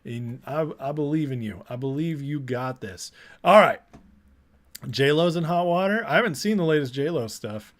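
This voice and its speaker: A man hosting a casual livestream, greeting viewers by name and talking through the news with energetic asides. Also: a little high. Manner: energetic, shouting out chat names, rapid asides. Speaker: political commentary livestream host.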